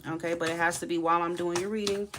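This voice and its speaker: A woman's voice: on the low side, steady tone, very fast, noisy background. A woman reading tarot on a live stream, chatting casually with viewers and laughing often. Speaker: tarot reader.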